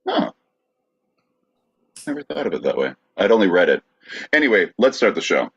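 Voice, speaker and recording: Low husky podcast host, lively delivery. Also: male voice, normal speed, highs cut off. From Brooklyn, New York. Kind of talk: casual podcast hosting.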